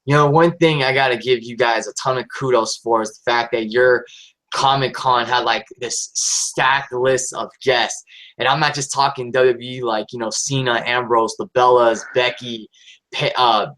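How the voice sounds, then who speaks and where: A man's voice: medium pitch, steady tone, normal speed, a bit bright, poor audio. A man hosting a casual chat show, speaking enthusiastically and addressing viewers directly. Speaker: host.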